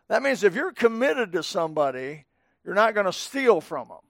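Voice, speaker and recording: A middle-aged pastor delivers a sermon in his church sanctuary in a folksy, conversational way, often speaking directly to people in the pews. His high, creaky voice swings widely in pitch at a normal speed. The sound is close and dry with little room echo.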